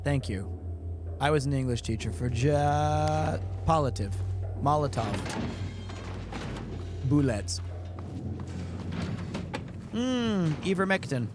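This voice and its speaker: A man streaming a game, chatting casually and joking with his viewers, often breaking into laughter. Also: a little high. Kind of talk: casual live-stream gameplay commentary. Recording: noticeable background noise.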